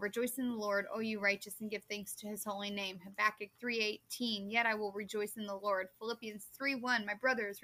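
A woman's voice: on the high side, pushed and bright, no room sound. A woman co-hosting a women's Bible podcast in casual chat, laughing easily and rattling off scripture references. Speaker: podcast co-host.

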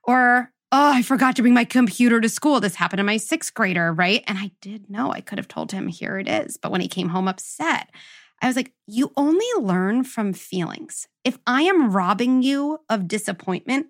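A woman's voice: mid-range voice, animated, moderate pace. A woman hosting an interview as a parenting psychologist, explaining her ideas emphatically with lots of "like" and "right?". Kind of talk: interview conversation.

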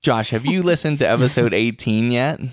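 A man's voice: medium pitch, normal speed, no room sound, clean studio sound. A man hosting a podcast in casual chat, chatty and laughing often. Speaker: podcast host. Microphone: podcast microphone.

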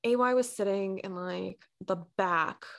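A woman's voice: mid-range voice, unhurried, gravelly. A young woman who is a blogger, chatting casually and telling a personal story with lots of "like", acting out the people she quotes and sometimes dropping to a near-whisper. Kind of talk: casual chat.

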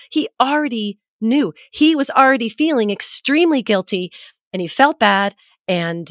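A woman's voice: on the high side, expressive, normal speed, no room sound, clean studio sound. A woman in her forties hosting a parenting podcast, telling a personal story candidly and acting out what people said. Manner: candid, reflective, acts out quoted voices.

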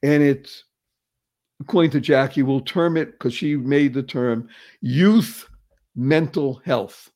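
A man's voice: medium pitch, slow, darkish tone. A man hosting a motivational talk show, enthusiastic and effusive, repeating phrases for emphasis. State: paralyzed for years. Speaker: show host.

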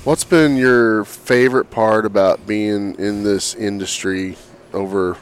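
A man interviewing a guest in a casual chat, speaking haltingly with many fillers. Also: fairly low pitch, fairly even intonation, a little hiss or hum. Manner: halting, lots of fillers and short reactions.

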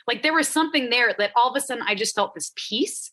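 A woman's voice: on the high side, quick pace, fairly bright tone. A woman talking about her work as a productivity coach in a casual podcast interview, with lots of filler words. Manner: chatty, frequent "like" fillers.

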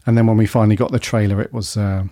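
Mellow-voiced podcast host. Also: male voice, on the low side, little pitch movement, racing, dry recording, studio quality. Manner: chatty, upbeat British slang. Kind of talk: casual podcast chat.

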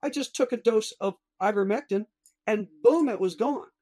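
A woman's voice: a little high, moderate pace, warm tone, no echo. A woman physician talking as a guest in a casual discussion, blunt and emphatic.

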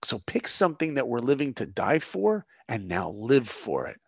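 A man telling personal stories in an interview, animated and emphatic. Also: mid-range voice, normal speed, creaky, husky, no echo, clean studio sound. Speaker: guest storyteller. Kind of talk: storytelling interview.

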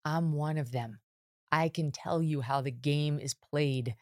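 A woman hosting a political talk show, directing the conversation briskly. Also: low voice, darkish tone, no echo, studio quality.

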